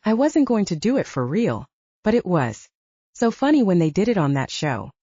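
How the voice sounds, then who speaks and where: A woman's voice: lowish voice, big pitch swings, moderate pace, warm tone, breathy edge, dry recording, muffled recording. A woman voicing a wry, mischievous young noblewoman in an audiobook, in a lightly raised voice.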